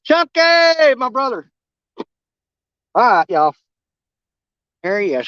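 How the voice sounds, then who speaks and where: A man's voice: very high-pitched, sing-song, slow pace, pauses often, a bit bright, no room sound. A man talking fishing, folksy and joking, his voice bouncing up and down. The audio is dry and a little dull. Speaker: fishing vlogger. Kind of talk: casual outdoor vlog chat.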